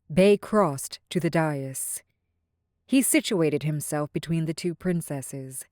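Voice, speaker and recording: A woman narrating a romance audiobook in a measured, even storytelling manner. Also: low voice, no room sound, studio quality.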